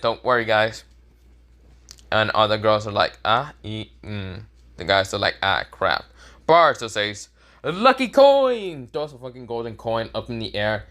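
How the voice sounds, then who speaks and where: A man's voice: on the low side, fairly bright tone. A young man telling an improvised fan-fiction story, rambling with lots of fillers and frequent swearing.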